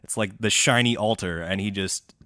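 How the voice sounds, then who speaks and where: A man's voice: lowish voice, moderate pace, pushed and bright, dry recording. A man hosting a comedy history podcast, telling the story in a casual, profane, joking way. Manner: profane, jokey, acts out quotes.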